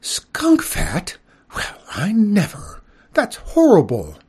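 A man's voice: medium pitch, expressive, moderate pace, darkish tone, husky. A man reading an audiobook, voicing a prim, genteel widowed mother skunk who lectures in a proper manner. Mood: indignant.

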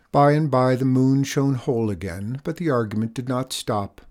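A man narrating a children's storybook in a measured, expressive reading. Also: medium pitch.

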